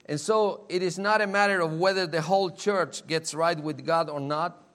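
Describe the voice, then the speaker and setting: Male preacher, sermon delivery, earnest and emphatic, slightly higher voice. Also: moderate pace, a bit bright. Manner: earnest, emphatic, repeats key words for stress; reads scripture in old-fashioned wording.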